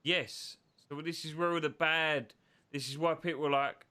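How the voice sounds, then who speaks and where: A man's voice: on the high side, steady tone, moderate pace, bright, forceful tone, clear, resonant tone. A man chatting bluntly on a live stream, swearing and often repeating his words. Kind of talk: casual chat on a live stream.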